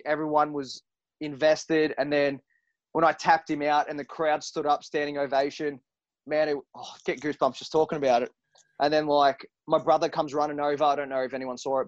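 Here the pro wrestler guest sounds a little high as he trades tales in an easygoing interview, cursing openly and mimicking the people in his stories. The sound is dry, flat and low-fidelity.

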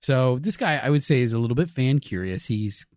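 A man's voice: mid-range voice, lively intonation, fairly quick, dry recording, clean studio sound. Playful man riffing improv comedy. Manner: playful, building on partner's jokes. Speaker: comedy podcast co-host.

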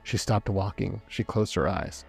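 A man narrating a story aloud in a measured, dramatic reading. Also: low voice, vocal fry, breathy edge. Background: faint background music.

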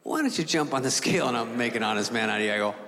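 A man doing stand-up comedy, animated, jumping into other voices and sound effects. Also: medium pitch, rapid-fire, noisy background. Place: comedy stage before an audience. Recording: live in a hall with crowd laughter.

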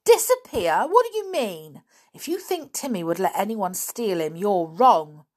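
Fiery, hot-tempered tomboy voiced by a woman; loud and fierce, storybook reading. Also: lowish voice, lively intonation, slow pace, creaky, breathy edge, heavily acted. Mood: indignant.

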